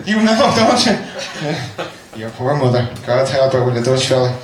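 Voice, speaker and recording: A man's voice: medium pitch, very animated, moderate pace, crowd noise. An Irish man doing stand-up comedy in a small basement venue, teasing the audience and swearing freely. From Ireland. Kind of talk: stand-up crowd work. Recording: echoey room, faint background noise.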